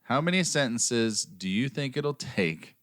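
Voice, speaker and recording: A man's voice: medium pitch, expressive, measured pace, a bit bright, no room sound, studio quality. A man co-hosting a podcast, reading out a case with jokey, wry asides. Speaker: podcast co-host and narrator. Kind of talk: casual podcast chat with scripted narration.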